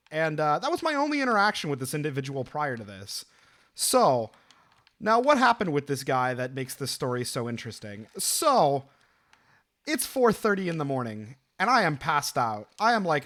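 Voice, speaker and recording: Animated young man telling a wild story. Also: a little high. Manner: animated, profane, rambling with fillers. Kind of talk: casual storytelling.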